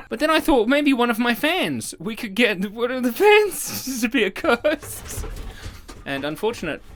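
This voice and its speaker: A man's voice: very high-pitched, sing-song, measured pace, a bit bright, a little hiss or hum. A man in his thirties from Australia hosting a comedy vlog, playful and self-mocking and often laughing. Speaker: comedy YouTuber host.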